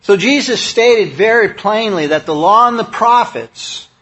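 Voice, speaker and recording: A man's voice: high-pitched, expressive, measured pace, fairly bright tone, husky. A man preaching a sermon, speaking in a conversational, emphatic way with many fillers and restarts.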